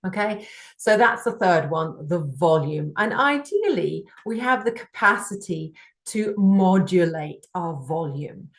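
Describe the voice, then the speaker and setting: A woman teaching about the voice in a slow, unhurried way. She pauses often and takes her time over each point, and her voice sits a little low. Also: expressive. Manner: slow, deliberate, with frequent pauses. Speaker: voice coach. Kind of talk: teaching monologue.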